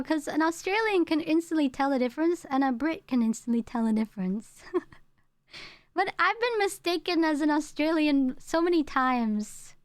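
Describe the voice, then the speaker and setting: Chatty high-voiced woman streamer. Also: no echo. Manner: chatty, rambling, repeats herself; tones down her home accent. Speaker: VTuber streamer. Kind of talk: casual live-stream chat, reading chat aloud.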